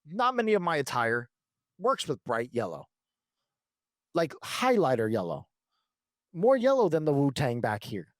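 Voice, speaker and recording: A man in his thirties co-hosting a podcast, telling stories in an animated, casual way with plenty of swearing. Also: a little high, a little slow, long pauses, no echo, clean studio sound. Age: 30s. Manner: animated storyteller, swears freely. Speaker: podcast co-host. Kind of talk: casual chat.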